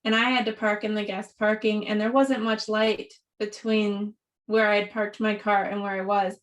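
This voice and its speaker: A woman telling a personal story in an animated way, often laughing, speaking over a video call. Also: mid-range voice, normal speed. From rural upbringing. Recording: distant from the mic.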